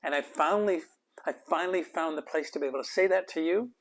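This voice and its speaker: Soft-spoken man telling a heartfelt story. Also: fairly high pitch, fast, gravelly. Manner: heartfelt, reflective, often drops to a soft near-whisper. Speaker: host. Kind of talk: personal storytelling monologue.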